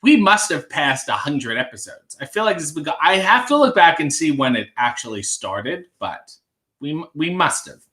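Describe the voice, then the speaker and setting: Chatty, bright-voiced young male streamer. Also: a little high, big pitch swings, moderate pace. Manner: chatty, wry, rambling. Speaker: livestream host. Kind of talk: casual live chat reading viewer comments.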